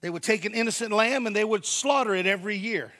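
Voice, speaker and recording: A man's voice: high-pitched, fast, pushed and bright. A man preaching a sermon, emphatic, repeating key words and speaking straight to the congregation. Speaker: pastor.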